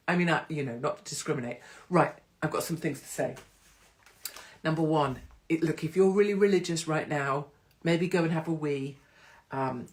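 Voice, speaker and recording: A woman hosting a casual live stream from her phone, irreverent and sweary, slipping into mocking voices. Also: sits low. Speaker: host of a live social media stream.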